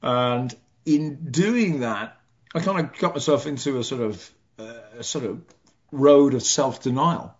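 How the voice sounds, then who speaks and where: Middle-aged Irish man, mid-pitched, reflective storyteller with wry humor; slightly dull lo-fi recording. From Ireland. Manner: reflective, halting, self-deprecating humor. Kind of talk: personal story in conversation.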